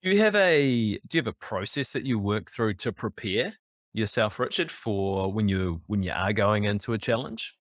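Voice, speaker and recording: Host: male, lowish voice, calm interviewer, dry close sound. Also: normal speed, no room sound. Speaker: podcast host.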